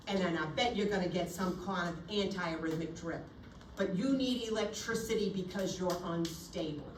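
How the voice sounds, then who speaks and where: A woman teaching a nursing class in a lively, theatrical way, acting out bedside scenarios as she lectures. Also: lowish voice, moderate pace, far from the mic, a little hiss or hum. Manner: animated, theatrical, acts out scenarios. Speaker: nursing instructor. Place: lecture room. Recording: echoey room, recorded from afar.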